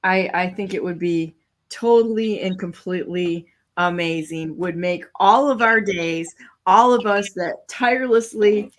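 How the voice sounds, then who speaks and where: A woman hosting a talk show, telling a story in a lively, casual way, laughing often and acting out what other people said. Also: on the low side, measured pace. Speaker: show host.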